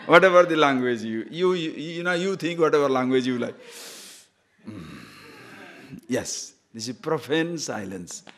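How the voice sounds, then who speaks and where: This spiritual teacher speaks at medium pitch and never hurries. His discourse is lively and repetitive, mixing jokes, chuckles, and short stories while he repeats phrases and puts questions to his listeners.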